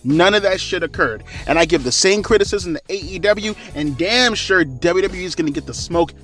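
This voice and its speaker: Fired-up man ranting, bright high voice. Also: lively intonation, a little fast, soft background music. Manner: heated, profane, rambling. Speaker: wrestling commentator. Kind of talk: profane ranting commentary.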